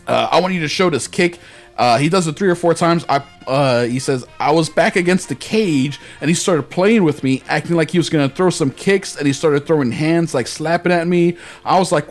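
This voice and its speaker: A man with a fairly high voice hosts a podcast, telling stories in a loose, animated way and swearing freely. Faint music plays underneath him. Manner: animated, profane anecdote telling. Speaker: podcast host. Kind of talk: casual storytelling chat.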